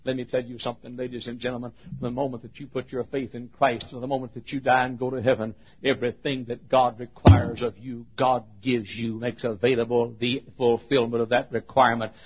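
A man's voice: medium pitch, level tone, fairly quick, hardly any pauses, slightly rough. A man preaching a sermon in a folksy, emphatic storytelling manner. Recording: dull lo-fi sermon recording.

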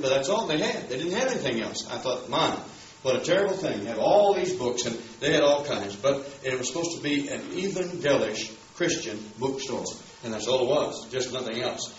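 A man's voice: medium pitch, roomy sound, recorded from a distance, dull audio, a little hiss or hum. A man preaching a sermon, telling a story in a folksy way and building emphasis on key words. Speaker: pastor.

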